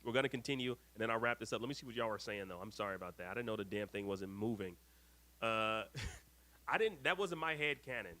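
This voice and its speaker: A man hosting a live stream, reading viewer comments aloud with lively ups and downs and grumbling when his screen freezes. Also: on the low side, fairly quick. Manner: exasperated, grumbling at tech trouble. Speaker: host.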